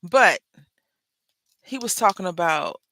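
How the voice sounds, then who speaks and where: A woman talks through a crafting project in a bright, forward voice, swinging her pitch up and down as she chats. She drifts into rambling asides to her viewers. The sound is close and dry, with no room echo. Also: expressive, slow. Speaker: crafting channel host. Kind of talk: casual crafting tutorial chat.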